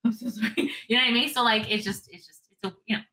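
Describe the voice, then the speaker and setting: A woman's voice: fairly high pitch, fairly even intonation, quick pace, pushed and bright, rough recording. A woman co-hosting a casual podcast, telling a story in a rambling way, full of "like" and restarts. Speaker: podcast co-host. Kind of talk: casual chat.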